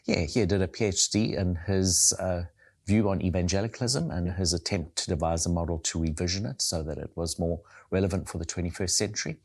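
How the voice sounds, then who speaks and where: A man with a South African accent softened by time in New Zealand, speaking thoughtfully as an interview guest and often repeating words while searching for phrasing. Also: low-pitched, a little fast, gravelly. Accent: South African, softened by years in New Zealand. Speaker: guest, leadership coach and theologian. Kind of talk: conversational interview.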